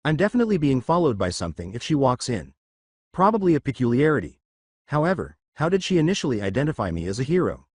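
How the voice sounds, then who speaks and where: A man voicing a calm young American hero officer who talks with dry understatement. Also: mid-range voice, quick pace, husky, no room sound. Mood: wary.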